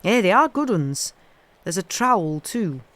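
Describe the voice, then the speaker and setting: Low, gentle Yorkshire moor boy, hushed and unhurried, voiced by a woman reading a storybook. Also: big pitch swings. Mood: eager. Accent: Yorkshire dialect, put on. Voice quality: low soft voice. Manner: slow, hushed, easy.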